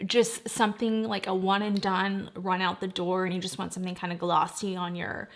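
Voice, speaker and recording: A woman's voice: medium pitch, flat delivery, moderate pace. A woman in her forties reviewing makeup in a casual, gushing way, often exclaiming in delight. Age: 40s. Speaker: beauty vlogger.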